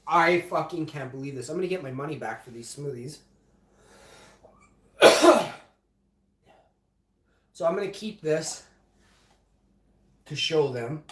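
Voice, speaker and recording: A man live streaming from his home kitchen, swearing heavily in an indignant casual rant. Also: mid-range voice. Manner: profane, ranting, indignant. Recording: roomy echoey room sound.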